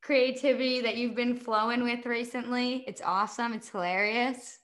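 A young woman, a podcast guest, telling stories in a chatty, animated way and laughing often. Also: a little high, moderate pace. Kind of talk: casual podcast chat.

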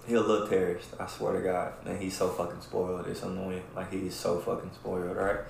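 Brief: male podcast host, swears a lot, animated storyteller, very roomy echo, faint room noise. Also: low-pitched, brisk, vocal fry. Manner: profane, animated, keeps asking "right?". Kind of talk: casual storytelling chat. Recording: very echoey room.

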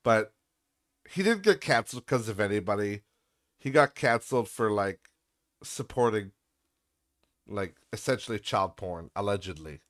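A man's voice: fairly low pitch, lively intonation, moderate pace, long pauses, a bit bright, no echo, clean studio sound. A young man hosting a podcast, ranting in a profane, sarcastic and exasperated way. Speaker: podcast host.

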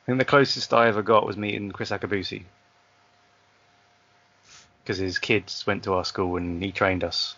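A man's voice: on the low side, a bit bright. A man co-hosting a podcast in casual chat, teasing and swearing with his friend. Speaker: podcast co-host. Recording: dull lo-fi podcast mic.

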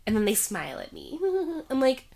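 A young woman, a pregnant teacher, chatting casually with friends, animated and swearing, jumping into raised voices when she quotes people. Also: high-pitched, normal speed, gravelly. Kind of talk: casual chat.

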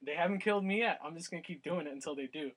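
A man's voice: on the high side, rapid-fire, breathy edge, rough recording. A man co-hosting a podcast, chatting casually, telling crude stories and laughing often. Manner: crude, laughing, animated storytelling. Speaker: podcast co-host. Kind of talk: casual chat.

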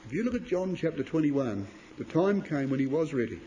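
High-voiced male preacher, emphatic declamation with quiet drops, reads King James scripture. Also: very animated, a little fast, highs cut off, a little hiss or hum. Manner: emphatic, rising to loud declamation then dropping low; addresses listeners as brothers and sisters. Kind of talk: sermon.

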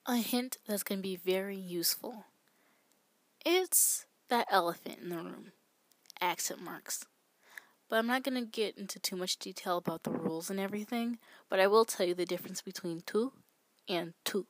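A woman hosting a casual spoken language lesson, explaining slowly with examples and stressing key words. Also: medium pitch, no room sound. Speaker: Spanish tips podcast host.

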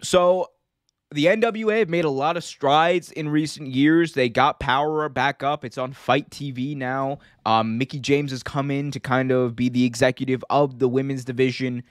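A man's voice: mid-range voice, steady tone, moderate pace, smooth, no echo, clean studio sound. A man hosting a casual wrestling podcast, talking loosely, rambling and laughing often. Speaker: podcast host.

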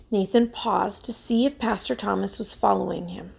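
Woman narrator for a read-aloud mystery story, steady and plain delivery. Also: mid-range voice, normal speed, vocal fry, few pauses, slightly rough.

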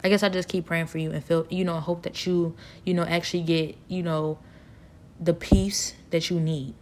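A woman, talking in a rambling, animated personal monologue, laughing often and sometimes dropping to a near-whisper. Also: on the low side, normal speed.

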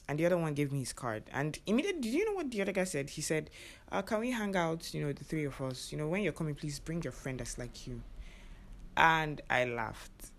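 A young woman chats straight to her audience, retelling an encounter in a lively, conversational way. She slips in and out of other people's lines, and some remarks fall to a near whisper. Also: a bass voice, a little hiss or hum. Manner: animated, acts out other people's lines, drops into whispered asides. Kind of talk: casual storytelling to camera.

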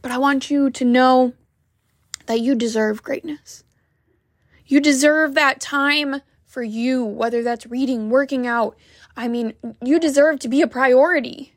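A woman's voice: high-pitched, a little slow, no room sound, clean studio sound. A woman wellness coach giving a heartfelt, emphatic motivational talk to the camera.

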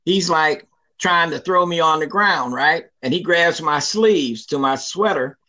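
A man in his sixties telling a personal story in an interview, lively and emphatic, acting out what people said. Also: fairly high pitch, a little slow, low-quality recording. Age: 60s. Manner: lively, emphatic storyteller who acts out quoted lines.

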